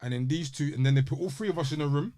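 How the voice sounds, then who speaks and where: A man's voice: fairly high pitch, rapid-fire. A man co-hosting a podcast, telling anecdotes in casual chat and acting out the voices of the people in them. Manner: animated storyteller, acts out voices in his anecdotes. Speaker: podcast co-host.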